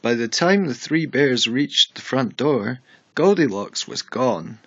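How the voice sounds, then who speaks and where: A man narrating a bedtime story in a measured, expressive storybook reading. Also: mid-range voice, muffled recording, slight background noise.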